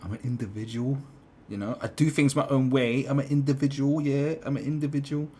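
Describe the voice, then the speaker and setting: A brash nineties dude keeps insisting he is an individual, his voice pushed up high and loud, as a man mocks him. The swagger is broad and repetitive. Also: steady tone, brisk, a little hiss or hum, natural voice. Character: swaggering 1990s guy boasting of individuality.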